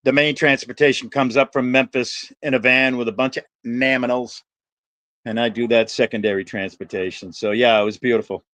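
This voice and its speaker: A man's voice: medium pitch, steady tone, normal speed, fairly bright tone, no room sound. Profane, rambling New man. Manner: profane, jokey, chatting with viewers by name. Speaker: livestream host. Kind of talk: rambling livestream chat with viewers.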